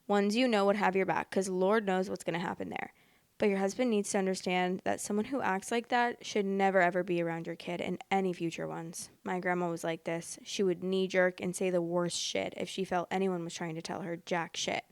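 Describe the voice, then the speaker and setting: A young woman hosting a storytime podcast, reading posts aloud and reacting bluntly in a casual, expressive way. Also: fairly low pitch, a little fast, no echo. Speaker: podcast host reading stories.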